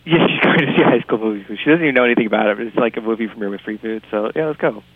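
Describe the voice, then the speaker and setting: A man's voice: mid-range voice, rapid-fire. A man hosting a podcast in casual chat, rambling and chuckling often. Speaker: podcast host. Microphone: phone. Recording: tinny phone line.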